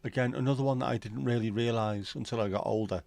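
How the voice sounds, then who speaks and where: A man's voice: mid-range voice, quick pace, creaky, a little mellow, no room sound. A man hosting a casual livestream chat, reading out viewer comments in a bantering, crude, sweary way. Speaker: livestream host.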